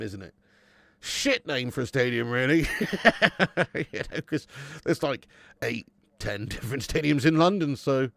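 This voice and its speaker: A man's voice: medium pitch, vocal fry, dry recording. A man hosting a football watch-along stream, bantering with chat, swearing and laughing as he reads messages aloud. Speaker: livestream host.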